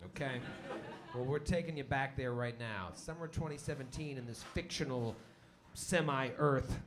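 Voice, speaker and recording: A man's voice: mid-range voice, moderate pace, noisy background. A man hosting and running a tabletop game on a live stage show, joking with the players before setting the scene. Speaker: game master and host.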